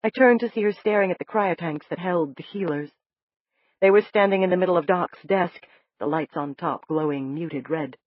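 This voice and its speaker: A woman narrating a science fiction novel in the first person, in a soft, measured and emotional way. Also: fairly low pitch, no echo. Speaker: audiobook narrator. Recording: dull lo-fi dry recording.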